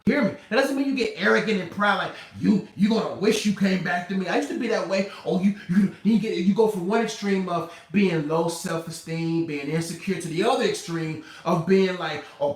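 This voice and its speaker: A male relationship coach giving motivational advice in an emphatic, preacher-like way, hammering home his points by repeating them. His voice sits on the high side. He sounds set back from the mic in a roomy, echoing space. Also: fairly quick, hardly any pauses, distant mic. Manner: emphatic, preacher-like, conversational, repeats key phrases.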